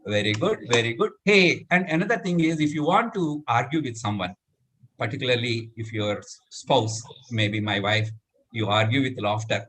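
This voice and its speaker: Middle-aged male instructor leading a laughter yoga session with loud "very good" cheers and laughs. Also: mid-range voice, expressive, normal speed, a little hiss or hum. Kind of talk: live demonstration talk.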